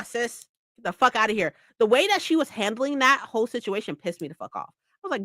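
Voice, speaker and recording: A woman's voice: fairly high pitch, moderate pace, no echo, clean studio sound. A woman hosting a casual live-stream book club, ranting about a book with lots of swearing and frequent laughs. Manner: animated, profane ranting; laughs often.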